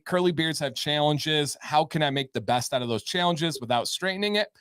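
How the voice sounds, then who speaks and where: A man's voice: medium pitch, no room sound, clean studio sound. A man hosting a live-stream advice show, answering chat questions in an upbeat, emphatic way and repeating his key points. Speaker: show host giving beard advice.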